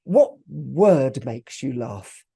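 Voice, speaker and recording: A man hosting a podcast interview who laughs easily and asks quick, light questions. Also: medium pitch, lively intonation, gravelly, warm tone, husky. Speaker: podcast host. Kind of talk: casual interview chat.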